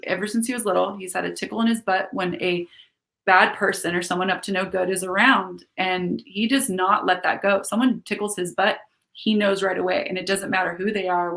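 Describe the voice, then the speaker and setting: A woman's voice: on the low side, vocal fry, a bit bright. A woman hosting a casual live stream, talking frankly and swearing freely as she rambles through a personal story.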